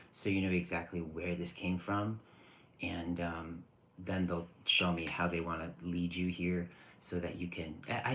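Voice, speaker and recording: Low-voiced chatty man giving readings. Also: slight background noise, poor audio. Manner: chatty, rambling, restarts often. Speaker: tarot reader. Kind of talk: casual livestream reading.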